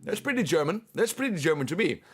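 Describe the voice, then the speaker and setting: A man's voice: on the high side, sing-song, quick pace, a bit bright, faint music behind. A Dutch man with a Dutch accent, casually commentating marble races on his live stream, playful and repeating himself. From Netherlands.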